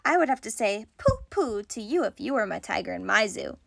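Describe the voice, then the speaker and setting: A woman's voice: mid-range voice, lively intonation, a little fast, creaky, a bit bright, a little hiss or hum. A woman reading a picture book aloud to children in a teacherly way, coaxing them to repeat words and join in. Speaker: children's storytime reader.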